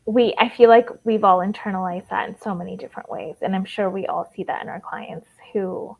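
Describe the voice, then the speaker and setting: A woman's voice: mid-range voice, steady tone, fairly quick, gravelly, a little mellow, rough recording. A woman life coach in a casual group discussion, talking earnestly in long run-on thoughts full of "like".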